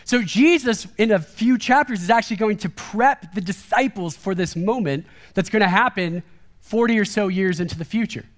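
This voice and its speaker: A man preaching a sermon in a casual, conversational way, animated and acting out quoted lines. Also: sits high, normal speed. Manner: casual and chatty, peppered with "like" and "kind of"; animated, acts out quoted speech with a raised voice. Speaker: guest preacher. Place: church service.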